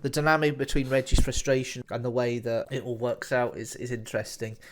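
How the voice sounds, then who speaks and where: A man of middle pitch talks through his thoughts on an audio drama in a loose, casual way. He is chatty and enthusiastic, often circling back to the same friendly phrases. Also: flat delivery, fairly quick. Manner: chatty, enthusiastic, repeats "nice little" and "interesting". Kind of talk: casual spoken review.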